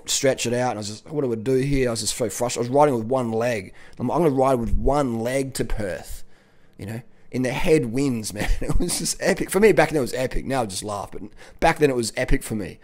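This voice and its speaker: An Australian man talks straight to his audience in a loose, rambling monologue. He gets excited easily, throws in "man" and mild swearing, and speaks with an ordinary mid-range pitch. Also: fairly quick. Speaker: cycling vlogger. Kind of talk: casual monologue.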